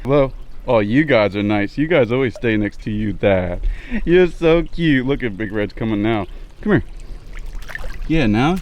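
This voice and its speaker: A man vlogging casually outdoors by his backyard pond, filming on a cell phone and chatting excitedly to the camera and to his fish. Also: lowish voice, a little slow, a little hiss or hum. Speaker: fishing and fish-keeping vlogger. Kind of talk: casual outdoor vlog narration.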